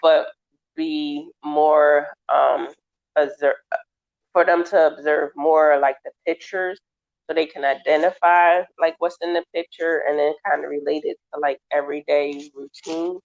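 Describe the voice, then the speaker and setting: A woman hosting an interview, relaxed and chatty, laughing often as she asks questions. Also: low voice, unhurried, vocal fry. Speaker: interview host. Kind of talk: casual interview chat. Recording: dull lo-fi sound.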